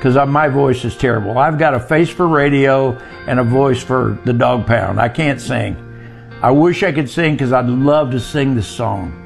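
A man's voice: mid-range voice, normal speed, vocal fry, soft background music. An older man telling his personal testimony in a folksy, plainspoken way.

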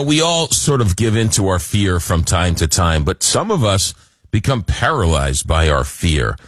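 An American talk show host with a fairly low voice rambles through his questions and thoughts, stopping and restarting often. The recording is dry and close. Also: no echo. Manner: rambling, many fillers and restarts. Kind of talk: interview talk.

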